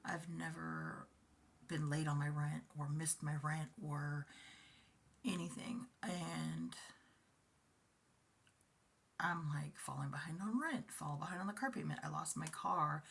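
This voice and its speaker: A woman in her forties talks through a personal confessional vlog, her voice low and gravelly with a husky edge. She speaks softly and haltingly, often dropping toward a whisper. She sounds emotional and close to tears. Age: 40s. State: emotional, tearful at times. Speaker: vlogger.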